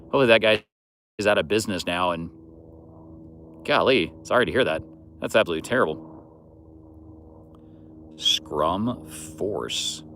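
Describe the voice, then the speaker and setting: A man's voice: deep voice, normal speed, long pauses, fairly bright tone, a little hiss or hum. A man hosting a fishing livestream, chatting casually and rambling with lots of "you know" as he answers viewers' comments. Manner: easygoing, rambling, many fillers like "you know".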